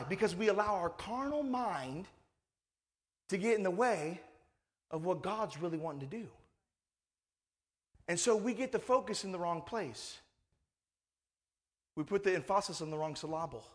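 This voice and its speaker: A man's voice: high voice, animated, a little slow, pauses often. A male pastor preaching a sermon in a conversational, emphatic way, full of rhetorical questions.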